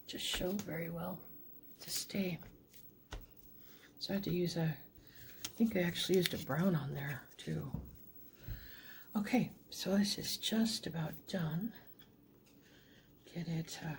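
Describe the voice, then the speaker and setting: A woman hosting a crafting video, talking casually and a bit self-deprecatingly as she works, often trailing off into soft near-whispers. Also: deep voice, vocal fry, a little hiss or hum. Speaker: crafting channel host. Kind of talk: casual crafting talk-through.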